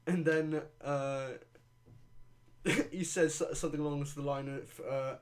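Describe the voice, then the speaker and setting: A man's voice: medium pitch, fairly even intonation, measured pace. A young man hosting a podcast in casual chat, crude, sarcastic and rambling. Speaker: podcast host.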